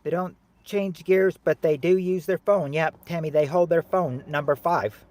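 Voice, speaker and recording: A man hosting a game show game on a livestream, joking with viewers in chat and loudly repeating the answers. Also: on the high side, measured pace, no echo. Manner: jokey and teasing, calls out answers loudly and repeats them. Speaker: livestream host running a family game show game. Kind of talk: casual livestream chat, reading viewers' guesses.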